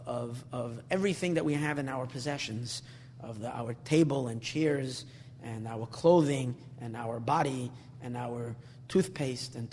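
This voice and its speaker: A man giving a Torah class, earnest and searching for words, often repeating himself and mixing in Hebrew terms. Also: mid-range voice. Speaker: rabbi teaching Torah. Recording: long reverb, faint hum.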